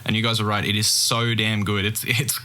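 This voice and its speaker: A man's voice: lowish voice, level tone, a little fast, background noise. An Australian man sending in a chatty, jokey recorded message about comics. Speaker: listener contributor.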